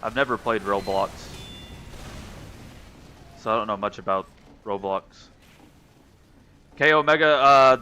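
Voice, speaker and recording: His mid-range voice has a sharp tone, and he's unhurried, pausing often. He's a young man playing a game on stream, casually chatting and answering viewers' messages from the live chat.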